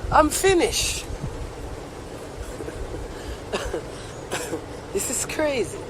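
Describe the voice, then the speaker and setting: A man's voice: extremely high pitch, very animated, extremely slow, noisy background. A young Jamaican man ranting on a live stream, mock-tearful and theatrical. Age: young adult. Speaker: social media commentator.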